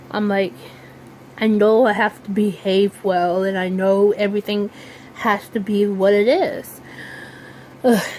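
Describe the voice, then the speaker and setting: Young woman vlogger, mid-pitched, slow and halting, casual chat, faint background noise. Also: darkish tone, low-quality recording. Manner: hesitant, many ums and restarts, slow drawl. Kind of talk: casual rambling vlog.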